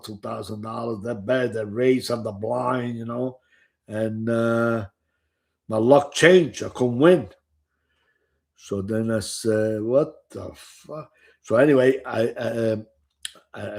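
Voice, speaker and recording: Here a former gambler, now older, rambles through casual, profane tales from his past, often saying "you know." His voice sits at medium pitch, creaky and somewhat dark in tone.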